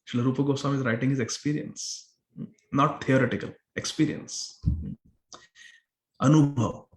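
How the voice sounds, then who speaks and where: A man giving a scripture class sermon in a temple hall, explaining a verse word by word and repeating phrases for emphasis. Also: mid-range voice. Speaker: temple lecturer. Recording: roomy echo of a hall.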